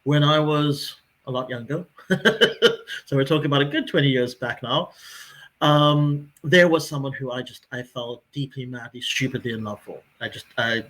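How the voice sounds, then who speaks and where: A man in his forties on a casual podcast, telling a personal story with lively acted-out dialogue. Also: medium pitch, normal speed. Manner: animated storyteller who acts out quoted dialogue.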